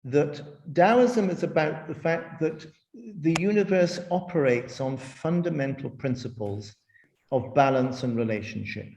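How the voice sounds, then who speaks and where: Man giving a measured lecture, echoey room. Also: fairly high pitch, darkish tone, slight background noise. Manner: measured, explanatory, with frequent restarts. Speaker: speaker in a webinar. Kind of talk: lecture with storytelling.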